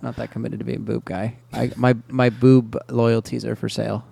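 Gravelly-voiced man chatting hesitantly. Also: mid-range voice, little pitch movement, warm tone. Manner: halting, hesitant phrasing. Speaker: podcast co-host. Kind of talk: casual chat.

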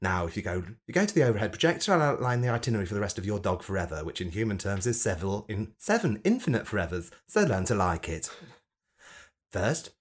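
A man's voice: lowish voice, very animated, fast, voice pushed down. A man putting on a camp, theatrical voice to play a chirpy guide welcoming dead pets to the afterlife, in a comedy podcast bit. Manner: theatrical, chirpy, swooping delivery.

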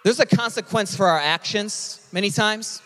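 A man preaching a sermon as a pastor, animated and conversational, with quick asides. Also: high-pitched, big-room sound.

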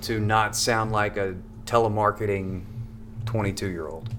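On the low side and a bit bright, this stand-up comic's voice keeps fairly even intonation and moves a little slowly, with slight background noise. He's chatting as a podcast guest in a comedy club, rambling through jokes and swearing a lot.

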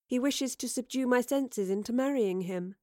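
A woman's voice: a little high, normal speed, a little mellow, dry recording, studio quality, voice pushed up, lightly acted. A woman voicing a prim, formal old-fashioned young lady who scolds bad language in an audiobook.

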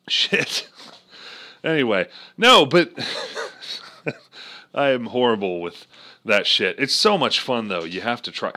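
A man's voice: mid-range voice, expressive, slow pace, long pauses, bright, forceful tone. A man ranting casually and crudely about politics, swearing often, joking, and slipping into voices. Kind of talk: casual profane political rant.

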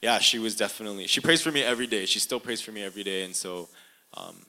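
A young man sharing a personal testimony in an interview, earnest and halting, full of fillers and restarts, in a room with a live audience. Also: lowish voice, pushed and bright, poor audio.

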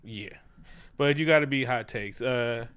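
Bright-voiced man in casual chat. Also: medium pitch, measured pace, smooth. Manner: animated, profane, jumps into funny voices. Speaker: podcast co-host.

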